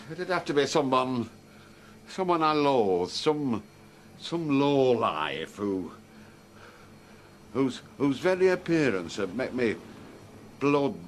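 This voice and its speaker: An actor playing a mild butcher who stammers and grows indignant. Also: male voice, a bit bright, slight background noise, full character voice. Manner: stammering, indignant, pitch swinging widely. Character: mild, fussy man, hopeless at boxing.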